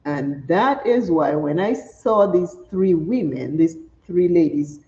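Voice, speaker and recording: A middle-aged woman, chatting and telling stories while doing her makeup, animated and laughing often. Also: lowish voice, takes it slowly, vocal fry. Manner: animated, laughs often, acts out quoted speech. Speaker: makeup vlogger. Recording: roomy, slightly dull home recording.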